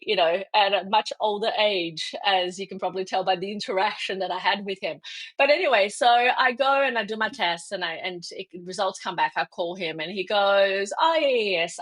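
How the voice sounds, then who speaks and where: A middle-aged woman, a guest expert, telling a personal story in an interview and acting out the dialogue. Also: mid-range voice. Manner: animated, acts out quoted dialogue with laughs.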